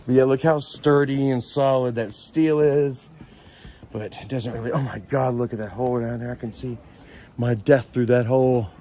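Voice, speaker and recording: A man's voice: medium pitch, steady tone, normal speed, mellow. A man vlogging on a mountain lookout, nervous and full of anxious exclamations. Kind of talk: casual vlog narration. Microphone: handheld camera. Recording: outdoor camera audio with background noise.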